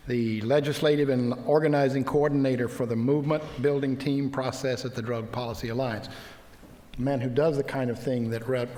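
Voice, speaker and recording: A man moderating an event, introducing the next speaker in a measured way with small hesitations. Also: mid-range voice, a little mellow, a little hiss or hum. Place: lecture hall. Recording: long reverb of a hall.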